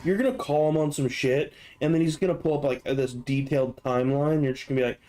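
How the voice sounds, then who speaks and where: A man's voice: on the high side, fast, hardly any pauses, dark tone. A young man hosting a gaming video, riffing in a rambling, profane, joking way. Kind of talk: casual comedic commentary.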